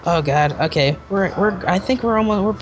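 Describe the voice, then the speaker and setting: Excitable joking man hosting a podcast. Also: high voice, a little fast, slight background noise. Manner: joking, excitable, loose and rambling. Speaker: podcast host. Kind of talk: casual podcast chat. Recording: muffled lo-fi recording.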